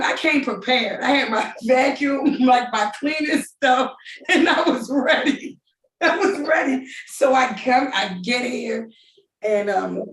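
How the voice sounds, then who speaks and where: A middle-aged woman telling her story in a casual, animated way, often laughing and acting out what people said. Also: sits high, reverberant, far from the mic. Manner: animated, laughing, quoting others in voices.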